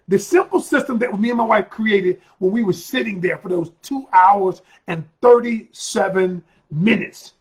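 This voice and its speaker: A high-pitched man coaches on relationships in an emphatic motivational talk. Phrases get repeated, and he bursts into loud, heated stretches.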